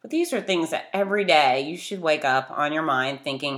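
Blunt, urging low-voiced woman. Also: brisk, fairly bright tone. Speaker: motivational speaker. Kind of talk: motivational talk.

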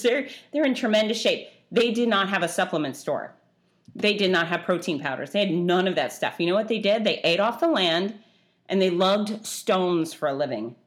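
A middle-aged woman hosting her own podcast, talking chattily and bluntly, ranting with feeling. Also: on the low side. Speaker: podcast host. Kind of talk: casual solo podcast monologue.

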